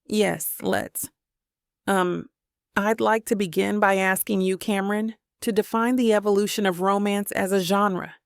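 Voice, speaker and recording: A woman voicing a polite, guarded male professor who speaks in a measured, careful way. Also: medium pitch, fairly even intonation, creaky, no room sound, studio quality. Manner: measured and careful, slightly nervous.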